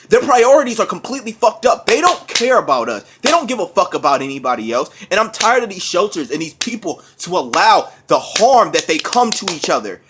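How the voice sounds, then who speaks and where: A man's voice: high voice, fairly bright tone, breathy edge. A sick man coughing through a profane, heated rant on his vlog. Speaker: vlogger. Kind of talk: angry ranting vlog.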